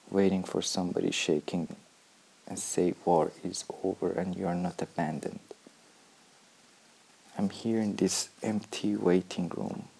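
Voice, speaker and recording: A man in his thirties performing an intense, deliberate spoken-word monologue that drops at times to a whisper. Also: sits low, vocal fry, dark tone, husky, low-quality recording.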